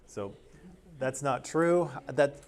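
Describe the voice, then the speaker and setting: A man's voice: mid-range voice, lively intonation, takes it slowly, a little mellow. A man from Canada teaching a class, explaining things step by step and checking in with his students. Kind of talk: classroom lecture.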